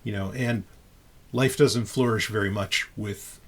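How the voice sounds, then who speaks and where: A man's voice: lowish voice, steady tone, unhurried. A man hosting a podcast in loose, casual chat, talking freely with frequent restarts and casual swearing. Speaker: podcast host.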